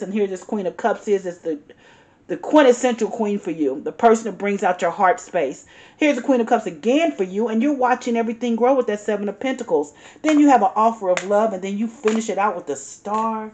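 A woman's voice: mid-range voice, darkish tone. A woman giving an earnest, encouraging tarot reading, repeating herself and calling the listener honey. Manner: emphatic, repeats herself, says "honey" and "y'all". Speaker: tarot reader.

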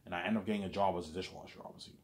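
Low-voiced rambling young man telling a story. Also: fairly even intonation, racing. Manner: rambling, repeats "you know what I'm saying". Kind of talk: casual spoken storytelling.

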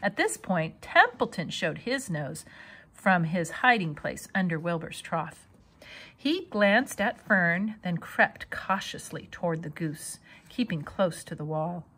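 A woman reading a children's novel aloud with expressive storytelling. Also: fairly low pitch, takes it slowly, slightly rough. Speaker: reader.

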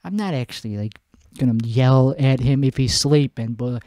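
A man with a medium-pitched, dark voice hosts a comedy show, adopting a fake Italian-American accent and speaking at normal speed. His monologue, recorded at home at night with clean studio sound and no echo, is profane, rambling, and pokes fun at himself.

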